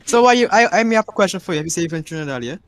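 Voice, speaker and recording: A man's voice: sits high, rapid-fire, no echo. A man from Barbados with a Caribbean accent, chatting loosely in a casual interview, filling gaps with "yeah, man". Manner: relaxed, rambling, many fillers like "yeah, man". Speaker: racing league driver being interviewed.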